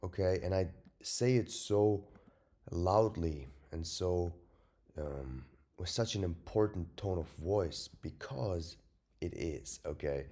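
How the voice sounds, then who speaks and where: Male host, deep mellow voice, unhurried casual chart talk, blunt and profane, loud warnings then whispers. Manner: swings from loud emphatic warnings to whispered asides; profane, blunt and self-mocking. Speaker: trading video host.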